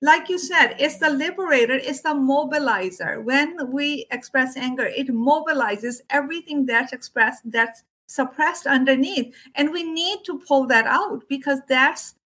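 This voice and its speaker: A woman's voice: high voice, measured pace, few pauses. A woman who is an Ayurvedic doctor and yoga teacher, chatting casually about emotions and acting out quoted voices. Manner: animated, acts out quoted voices. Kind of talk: casual spiritual conversation.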